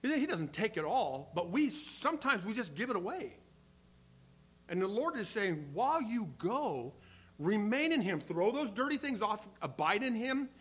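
An older man preaching a sermon, earnest, swinging between loud emphasis and quiet asides. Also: high voice, very animated, moderate pace, husky. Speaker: pastor.

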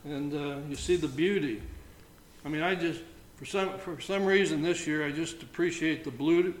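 A man leading an informal Bible study, reading scripture aloud between halting comments. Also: fairly high pitch. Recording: roomy echo, faint background noise.

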